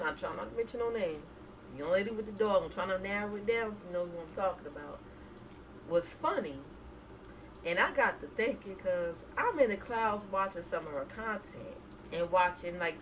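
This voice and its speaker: A woman's voice: on the low side, moderate pace, far from the mic, noisy background. A woman hosting a casual live stream, chatting and laughing as she reads viewer emotes aloud. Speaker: reaction streamer.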